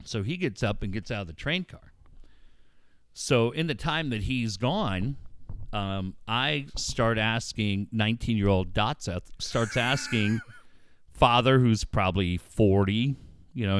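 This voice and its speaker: A man's voice: fairly low pitch, unhurried, a little hiss or hum. A middle-aged man telling a story in casual, profane podcast talk, acting out the voices of the people in it. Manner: profane, animated storyteller who acts out voices.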